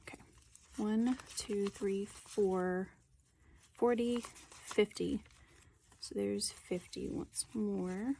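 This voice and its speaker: A young woman talks casually to her viewers, chatty and a little self-deprecating, often dropping to a murmur as she counts bills aloud. Her voice sits at an everyday middle pitch. A faint hiss of noise hangs behind her. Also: fairly even intonation, extremely slow, creaky, long pauses, mellow. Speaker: budgeting vlogger. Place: indoors, sitting on the floor at home.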